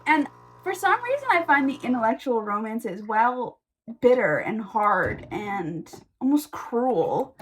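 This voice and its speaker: A woman's voice: fairly high pitch, very animated, a little slow, slight background noise. Emotional young woman ranting about a book. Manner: emotional, ranting, swings from hushed to exasperated. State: tired from lack of sleep. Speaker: book vlogger. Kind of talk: casual reading vlog.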